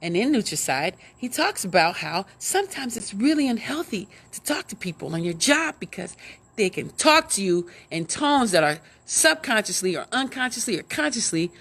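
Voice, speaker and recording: A woman hosting a relaxed chat. She muses aloud, animated, leaning on hums and "you know" between her ideas. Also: medium pitch, moderate pace, breathy edge. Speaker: host. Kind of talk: casual chat.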